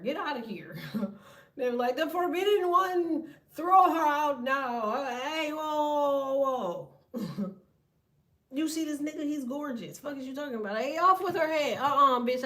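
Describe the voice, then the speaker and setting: A woman hosting a tarot livestream, telling stories in a profane, animated way and acting out other people. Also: on the high side, far from the mic. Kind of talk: casual livestream rant.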